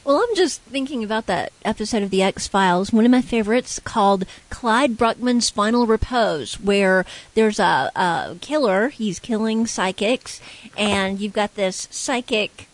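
A woman's voice: mid-range voice, no room sound, rough recording. Woman co-host in a dry close room. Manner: chatty, retelling a story with quick quoted voices. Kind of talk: casual chat.

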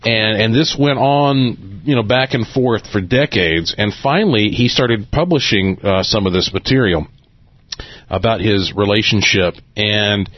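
A man hosting a late-night radio talk show in a chatty, relaxed way, laughing often, talking into a studio microphone. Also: fairly low pitch, unhurried, no room sound, highs cut off.

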